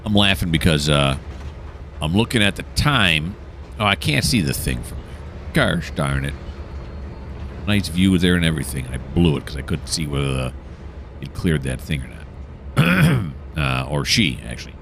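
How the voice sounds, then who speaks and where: A man's voice: very deep voice, very animated, moderate pace, long pauses, a bit bright, slight background noise. A man casually commenting while playing a train simulator game, joking and mocking himself as he rambles. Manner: jokey, self-mocking, rambling. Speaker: gameplay commentator.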